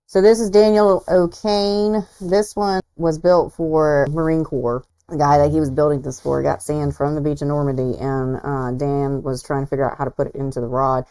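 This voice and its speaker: A woman's voice: deep voice, little pitch movement, normal speed, few pauses, warm tone, clear, resonant tone, poor audio. A woman hosting a casual livestream, chatting in an admiring, self-deprecating way as she walks through viewers' work. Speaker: host.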